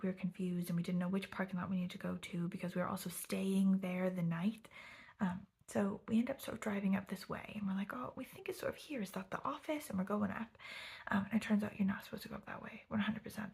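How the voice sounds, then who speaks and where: A woman's voice: mid-range voice, gravelly, a little mellow, breathy edge. A woman whispering a chatty, swearing storytime at home late at night. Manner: chatty, swearing, lots of "like" and "okay?". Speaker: vlogger.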